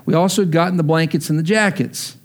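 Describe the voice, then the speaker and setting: A man's voice: on the high side, fast talker. A man in his thirties from Texas preaching a sermon, telling a personal story and building to emphatic preaching. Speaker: pastor.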